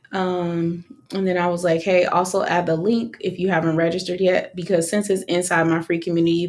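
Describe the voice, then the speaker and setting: A young woman from California, an online course creator, talking casually on a live stream, chatty and slangy, laughing often. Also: on the low side.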